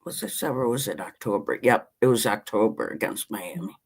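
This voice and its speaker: A man in his 50s from Western New York rants passionately about his team while hosting a casual podcast chat. His medium-pitched voice is animated and fairly quick, with some vocal fry, and his impassioned sports-fan tirade rambles along.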